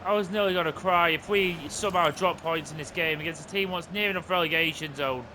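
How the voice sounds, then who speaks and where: A young man commentating his own football video game, excitable and openly venting at the play. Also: on the high side, quick pace, a little hiss or hum. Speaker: gaming channel host. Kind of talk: live gameplay commentary. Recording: game music playing underneath.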